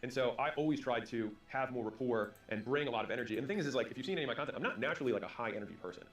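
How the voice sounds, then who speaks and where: A man in his thirties tells stories at a rapid clip, slipping into quick acted-out dialogue as he goes. His voice sits in an ordinary middle register. The sound is roomy and picked up from a few steps off the mic. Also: mid-range voice, lively intonation, recorded from a distance, faint music behind. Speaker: business and sales speaker. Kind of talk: motivational storytelling talk.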